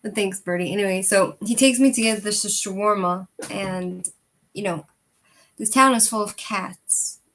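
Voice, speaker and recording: With a little hiss or hum in the background, a woman in her 30s shares a personal story for her channel. Her mid-range voice keeps a measured pace, and her telling is lively and meandering, packed with fillers and broken up by laughter.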